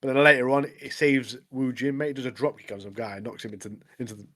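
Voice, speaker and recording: A man's voice: mid-range voice, steady tone, fast talker, pushed and bright. A man co-hosting a podcast, chatting casually and eagerly in slang. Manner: enthusiastic, slangy, keeps saying mate. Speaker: podcast co-host. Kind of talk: casual chat.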